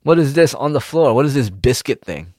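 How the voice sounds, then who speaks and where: A man's voice: mid-range voice, very animated, brisk, darkish tone, no echo, clean studio sound. A man voicing a bewildered early primate discovering a cookie, raising his voice in awe. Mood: baffled. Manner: awed, baffled, raised voice.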